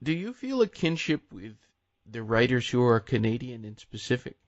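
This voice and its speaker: A man's voice: mid-range voice, sing-song, moderate pace, no room sound. A man hosting an interview, asking his questions politely and courteously. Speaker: radio interview host. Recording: dull lo-fi sound, dry.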